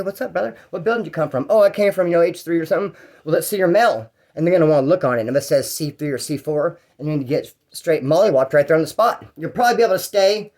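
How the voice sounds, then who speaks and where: Fast-talking, profane storyteller man. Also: on the high side. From Bakersfield, California. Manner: rambling, profane, animated, acts out dialogue. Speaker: storyteller recounting prison life. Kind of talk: casual storytelling vlog.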